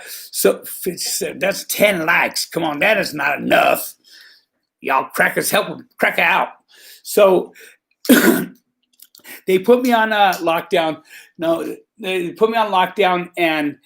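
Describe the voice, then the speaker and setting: A man's voice: a little high, measured pace, creaky, fairly bright tone. A man hosting a live stream, telling rambling prison stories with profanity, street slang and lots of fillers.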